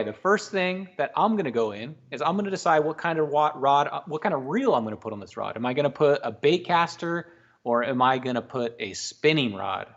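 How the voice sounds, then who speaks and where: Relaxed man explaining fishing gear. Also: mid-range voice, lo-fi sound. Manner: relaxed, explains basics patiently with restarts. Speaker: co-host of a fishing talk show. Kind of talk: casual livestream chat.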